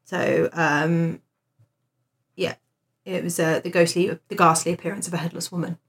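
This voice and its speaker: A woman's voice: lowish voice, fairly even intonation, normal speed, vocal fry. A woman, co-hosting a casual podcast, reading old ghost stories aloud with dramatic emphasis and chatting between them. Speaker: podcast co-host.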